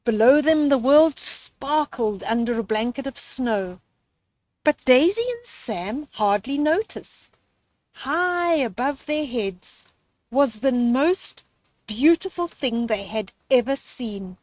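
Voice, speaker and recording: An older woman, a grandmotherly storyteller, reads a children's book aloud outdoors in a slow, gentle way. Her pitch rises and falls a great deal as she tells it. The sound is dry and close. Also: expressive, dry recording.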